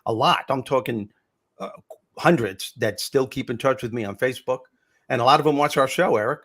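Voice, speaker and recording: An older man, a comedian and former teacher, telling animated stories in a podcast interview and acting out the voices he quotes. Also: medium pitch, a little fast.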